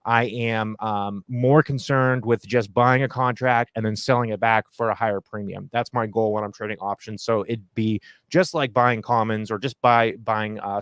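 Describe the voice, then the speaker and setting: A man's voice: fairly low pitch, fairly bright tone, clear, resonant tone, no room sound, clean studio sound. A man from Ohio, a full-time options trader, talking casually as a guest over a video call, rambling with fillers and restarts. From Ohio, USA. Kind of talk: casual conversational explanation.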